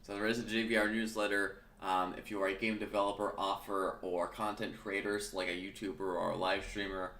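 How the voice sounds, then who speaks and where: A man with a bright, low voice hosts his solo morning talk show, his early-morning throat still rough. He rambles and corrects himself as he goes. The room around him is echoey. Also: flat delivery, fairly quick, hardly any pauses. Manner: chatty, rambling, self-correcting. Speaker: podcast host.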